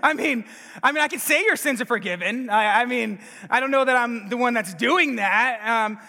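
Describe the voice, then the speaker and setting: A man preaching a sermon, energetic and laughing, with frequent stammered restarts. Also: extremely high pitch, long reverb tail. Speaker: pastor and Bible teacher.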